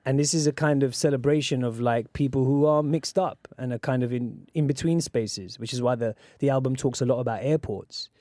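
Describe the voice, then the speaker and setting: A man speaks into a studio microphone in a dry, close sound. He is an articulate guest who lays out his ideas clearly and fills them with casual asides. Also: mid-range voice, brisk, hardly any pauses, mellow, no echo. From London. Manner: articulate, explains with loose asides. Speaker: actor and rapper guest. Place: radio studio.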